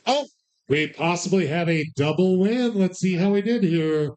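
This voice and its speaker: At a live bar bingo night, a man with a high, slightly mellow voice speaks at a normal speed as he calls numbers. His banter with the crowd is sarcastic, loose, and profane.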